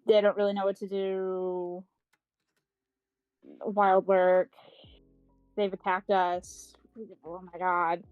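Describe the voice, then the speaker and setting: A woman's voice: fairly low pitch, little pitch movement, smooth, no echo, narrow, tinny audio, soft background music. A woman co-hosting a podcast, recapping a novel in casual, rambling talk full of fillers and the odd swear word. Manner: acts out characters' lines in quick paraphrase. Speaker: podcast co-host. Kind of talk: casual book club chat.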